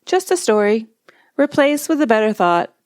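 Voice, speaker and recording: A woman hypnotist hosting a podcast, explaining techniques in a calm, measured way with slow emphatic phrases. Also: on the high side, no echo, studio quality. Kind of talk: instructional podcast monologue.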